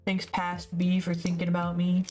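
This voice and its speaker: A woman's voice: lowish voice, completely flat delivery, normal speed, a little mellow, soft background music. A woman streamer chatting casually while she draws, laughing often at her own stories. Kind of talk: casual chat while drawing. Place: home desk.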